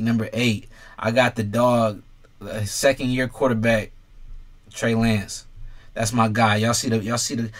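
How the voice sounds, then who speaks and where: A young man runs a casual sports vlog with a voice of ordinary, middle pitch. He talks bluntly and swears freely, calling out fans directly as he gives his rankings. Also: fairly bright tone. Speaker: sports commentator ranking quarterbacks.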